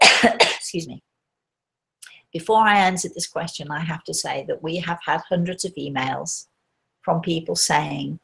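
Woman, fairly low voice, host, live talk, storytelling, hesitant, restarts sentences. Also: a little slow, gravelly, pauses often, a bit bright. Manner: hesitant, with many restarts and fillers. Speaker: host and spirit medium.

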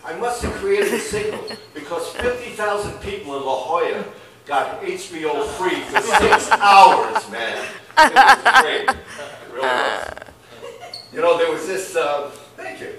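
Older man, stand-up comic, high voice, echoey club, distant mic, crowd laughing. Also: animated, a little slow. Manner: rambling, laughs at own jokes. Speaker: stand-up comedian. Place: comedy club. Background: audience laughter.

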